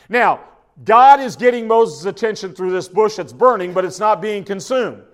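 Pastor, man with a high voice, folksy sermon delivery with frequent restarts. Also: moderate pace. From Oklahoma. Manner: folksy, conversational preaching with repeated restarts.

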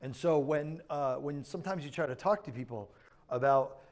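A man's voice: a little high, moderate pace. A male pastor opening his sermon with a short prayer, repeating key lines for emphasis.

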